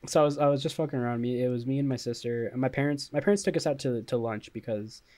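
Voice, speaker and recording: A man's voice: mid-range voice, quick pace, warm tone. A young man co-hosting a podcast, telling stories in a laid-back way with lots of fillers and laughs. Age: young adult. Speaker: podcast co-host. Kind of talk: casual chat.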